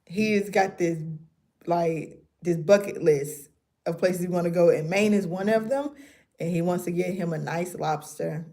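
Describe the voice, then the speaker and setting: A woman's voice: on the low side, a little slow, mellow. A woman, chatting casually with her viewers on a livestream and laughing often. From North Carolina. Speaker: livestream host.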